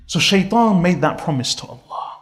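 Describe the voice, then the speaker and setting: Guy giving a sermon, kinda high voice, really emphatic, piles up lists one after another. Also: animated, normal speed. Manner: emphatic, builds long repetitive lists; recites Arabic scripture and translates it. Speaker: preacher.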